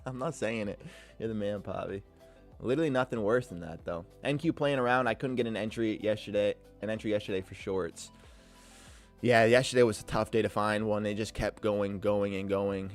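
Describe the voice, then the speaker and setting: A man streaming his day trades live, pleading and arguing with the market as if it could hear him. His voice jumps up in frustrated outbursts and then drops to low grumbles while he answers chat. Faint music plays underneath.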